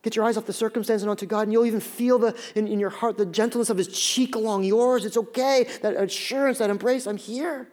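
A pastor preaching to his congregation in a fairly high voice. He pleads with emphasis, then sinks into soft, hushed lines. He is a man in his thirties. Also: steady tone, quick pace, hardly any pauses. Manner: emphatic preaching that swings between loud pleas and soft low passages. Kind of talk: sermon.

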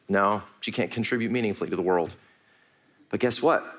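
A man's voice: medium pitch, sing-song, a little fast, a bit bright. A man preaching a sermon to a congregation, earnest and repetitive in his cadence. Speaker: pastor.

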